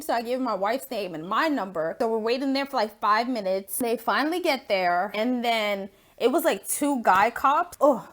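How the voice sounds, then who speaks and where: Young woman vlogger, slightly high-pitched, recorded on a phone at home, lively storyteller with plenty of cursing. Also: moderate pace, few pauses. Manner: animated, swears freely, acts out quotes. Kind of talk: casual storytime vlog.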